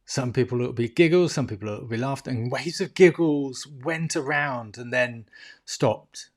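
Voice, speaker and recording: A man's voice: medium pitch, moderate pace. A man vlogging a candid, emotional personal story to the camera, laughing often and swearing freely.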